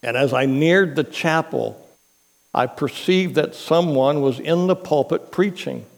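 A man preaching a sermon as pastor, telling a story in an unhurried, earnest way. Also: on the high side, creaky.

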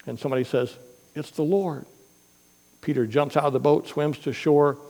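A man preaching a sermon, retelling scripture stories with lively quoted dialogue and homely asides. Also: a little high, moderate pace, in a large hall, low-quality recording. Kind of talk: sermon storytelling.

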